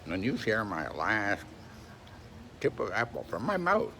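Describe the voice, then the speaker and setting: A man coos at his pet parrot in a gentle, sing-song manner, his pitch swooping wildly up and down. His voice is gravelly and unhurried. Clear background noise runs under the recording. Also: sing-song. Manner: coaxing, sing-song pet talk with playful questions. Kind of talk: affectionate talk to a pet bird.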